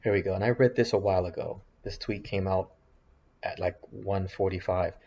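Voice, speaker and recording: A man's voice: low voice, fairly even intonation, moderate pace, creaky, dark tone, breathy edge, muffled recording. A tired, yawning man rambling and thinking aloud over his trading charts in casual commentary, often putting himself down. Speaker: options trading vlogger. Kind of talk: casual screen-share commentary.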